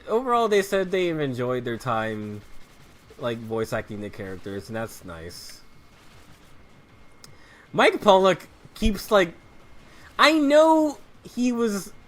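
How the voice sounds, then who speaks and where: A man's voice: high voice, lively intonation, slow pace, a bit bright. A man with a slightly raised voice rambles through his gameplay in a loose, offhand way. He drifts between stories and muttered asides on the game in front of him, restarting his sentences as he goes. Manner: muttered asides about the game while playing. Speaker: let's play commentator. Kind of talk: casual gameplay commentary.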